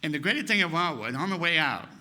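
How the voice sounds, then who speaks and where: A man in his sixties telling funny stories from the pulpit, slightly high voice with a very forceful, sharp edge, acts out the people he quotes as he goes. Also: fast talker. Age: 60s. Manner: lively storyteller who acts out the people he quotes. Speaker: guest speaker. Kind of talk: humorous personal storytelling sermon.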